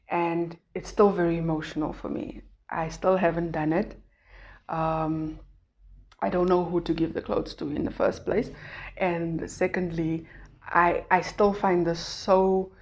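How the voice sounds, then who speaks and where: A woman's voice: on the low side, darkish tone. A woman talking earnestly and emotionally in a casual vlog, often restarting and repeating words. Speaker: vlogger. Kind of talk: casual weight-loss vlog. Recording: dull lo-fi recording.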